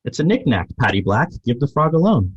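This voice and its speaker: A dry, matter-of-fact bank manager who speaks with calm certainty, as a man puts him on. The voice is husky, and the sound is dull and lo-fi. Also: mid-range voice, a little fast. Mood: deadpan.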